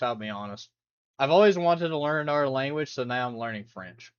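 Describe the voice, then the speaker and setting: A man's voice: mid-range voice, lively intonation, fairly quick, smooth, lo-fi sound. A man chatting casually on a live stream while reacting to videos, rambling, laughing and humming along.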